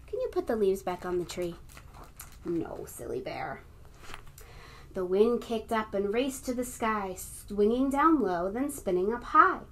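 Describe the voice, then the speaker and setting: A librarian reading a picture book aloud to young children and leading them in a game. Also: female voice, medium pitch, animated, a little slow, a little hiss or hum. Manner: warm, encouraging, talks to young kids.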